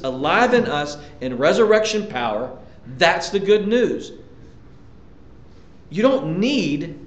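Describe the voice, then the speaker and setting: A man preaching a sermon as pastor, emphatic, repeating key lines and jumping up in pitch to drive points home. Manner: emphatic preaching, sudden pitch jumps and repetitions. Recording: echoey church room, dull lo-fi sound.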